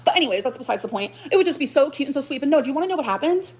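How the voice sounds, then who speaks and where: A woman livestreamer recounts how she was hurt in an emotional vent, swearing frequently and repeating lines in an exaggerated, dramatic way. Her high, animated voice runs very fast. She is profane and aggrieved, building to outbursts.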